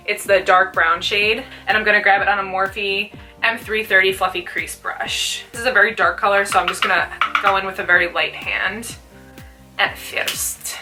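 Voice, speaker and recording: A woman's voice: mid-range voice, steady tone, a little fast, pushed and bright, far from the mic, faint music behind. A young woman chatting casually while doing a makeup tutorial, peppering her talk with "like". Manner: chatty, fills speech with "like". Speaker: beauty vlogger.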